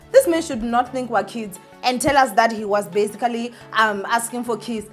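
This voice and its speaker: A woman's voice: fairly high pitch, normal speed, hardly any pauses, faint music behind. A woman giving an opinionated vlog commentary, ranting indignantly and speaking straight to her viewers. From South Africa. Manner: emphatic, repeats points, many fillers. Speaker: entertainment vlogger.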